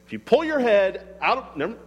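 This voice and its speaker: Lively high-voiced male preacher. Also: fairly quick, big-room sound, dull audio. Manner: conversational, emphatic, rhetorical questions. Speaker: pastor. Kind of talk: sermon.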